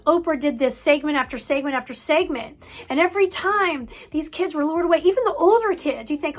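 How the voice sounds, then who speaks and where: An earnest woman counselor explains parenting lessons in an emphatic way, often repeating a word for weight. Her voice sits high in the female range. Faint music plays softly underneath. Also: normal speed. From United States. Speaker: mental health counselor. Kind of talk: parent-coaching talk.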